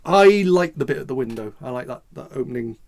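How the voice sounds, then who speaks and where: A man's voice: mid-range voice, expressive, a little fast, gravelly. Rambling man in casual chat. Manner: rambling, full of restarts and "you know". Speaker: podcast co-host.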